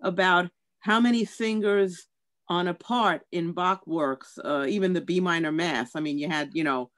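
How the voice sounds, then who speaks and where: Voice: medium pitch, moderate pace, fairly bright tone. Hesitant attendee asking a question. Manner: hesitant, with fillers. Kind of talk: question on a video call.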